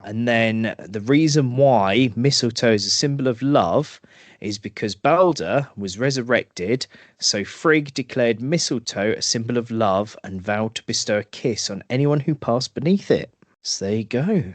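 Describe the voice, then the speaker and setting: British man, podcast co-host, mid pitch, dry close sound, casual storytelling. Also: expressive, measured pace, no echo. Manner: chatty, self-mocking, recounts folklore.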